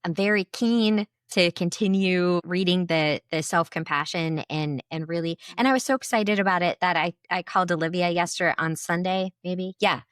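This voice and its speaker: A woman's voice: lowish voice, moderate pace, hardly any pauses, clear, resonant tone, no room sound, studio quality. A woman co-hosting a podcast, talking in an earnest, reflective way and repeating words for emphasis. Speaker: podcast co-host. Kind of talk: casual chat.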